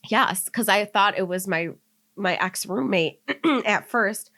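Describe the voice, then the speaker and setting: A woman's voice: mid-range voice, slow pace, bright, forceful tone. A young woman on a podcast, telling a story in casual chat and rambling with constant filler words. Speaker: podcast co-host.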